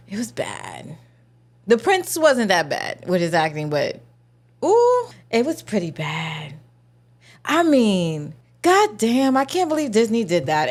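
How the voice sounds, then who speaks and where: A young adult woman ranting casually about a movie, sarcastic and slangy, mocking the characters in exaggerated voices. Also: mid-range voice. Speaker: movie reviewer. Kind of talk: casual vlog rant.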